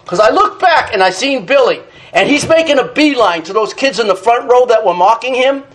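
Brief: middle-aged preacher, high-pitched, dramatic and animated in the pulpit. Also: male voice, a little fast, poor audio. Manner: animated, dramatic, reads scripture in King James wording. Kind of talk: sermon.

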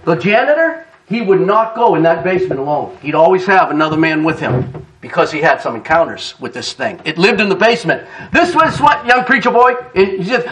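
A man's voice: high-pitched, brisk, recorded from a distance, slight background noise. A male pastor preaching a sermon, telling stories with laughter and acted-out quotes. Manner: animated storytelling preacher, laughs and acts out quotes.

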